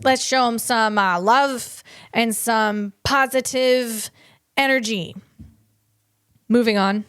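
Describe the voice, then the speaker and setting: A bubbly woman with a high, bright-toned voice hosts a solo comedy tech podcast. She rambles excitedly and throws in playful asides. The recording is close and dry, with no room sound. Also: dry recording.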